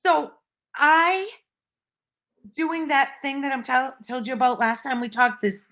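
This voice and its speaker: A woman's voice: high-pitched, steady tone, unhurried, a bit bright. Emotional woman retelling a story on a lo-fi call. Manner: emotional, breathless retelling with many restarts. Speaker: participant sharing a story.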